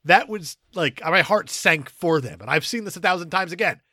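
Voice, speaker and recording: A man co-hosting a podcast, chatting about a film in an animated, jokey way and laughing often. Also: high-pitched, normal speed, no echo, clean studio sound. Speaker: podcast co-host. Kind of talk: casual chat about a film.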